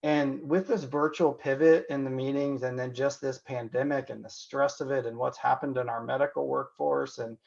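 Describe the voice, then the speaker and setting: A man's voice: mid-range voice, steady tone, moderate pace, gravelly, few pauses, darkish tone, dull audio. A man from Indiana, a physician guest on a podcast, speaking candidly and reflectively with frequent "you know" and restarts. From Indiana, USA. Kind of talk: candid conversational interview.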